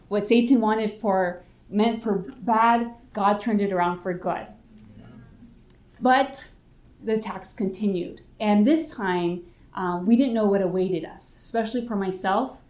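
A woman's voice: medium pitch, a little mellow. A young woman giving a personal faith testimony, telling her story and acting out what the other people said. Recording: roomy echo.

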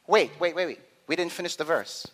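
A man preaching a sermon with dramatic swings from quiet murmurs to loud climaxes. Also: fairly high pitch, a little fast. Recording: long hall reverb.

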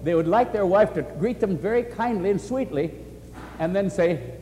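A man preaching and answering questions, earnest and animated, often quoting scripture. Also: high voice, normal speed, big-room sound, slight background noise. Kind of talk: sermon-style question and answer.

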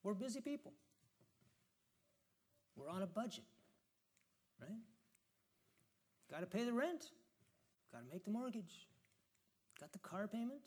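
A man's voice: sits high, big pitch swings, unhurried, long pauses, breathy edge. A man giving an informal, reflective sermon, reading scripture aloud and musing on it in a conversational way. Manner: reflective, conversational, reads scripture with rising emphasis. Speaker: preacher.

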